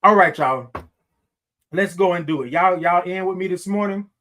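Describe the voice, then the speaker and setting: A man's voice: high voice, normal speed, fairly bright tone, a little hiss or hum. Folksy Texan man hosting a morning stream. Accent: Southern US, Texas. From Houston, Texas. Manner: folksy, repeats himself, greets viewers by name. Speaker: morning show host. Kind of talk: casual livestream chat.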